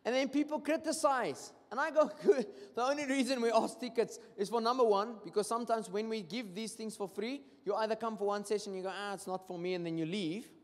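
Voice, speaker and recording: In a church hall with long reverb, a man with a South African accent preaches a sermon, switching between English and Afrikaans. He tells stories animatedly and acts out what people say, his high voice moving a little fast with hardly any pauses.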